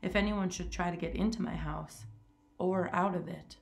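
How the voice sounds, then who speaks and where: A woman voicing a suave, menacing aristocratic male hunter with genteel, mocking courtesy, raised a little above her low, gravelly reading voice. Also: fairly even intonation, moderate pace.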